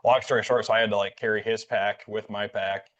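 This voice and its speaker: A man's voice: lowish voice, flat delivery, brisk, a bit bright. A man hosting a podcast, telling a story in a loose, rambling way full of fillers and acted-out quotes. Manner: rambling, filler-heavy, acts out quoted dialogue. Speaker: podcast host. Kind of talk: casual storytelling chat. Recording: dull lo-fi audio.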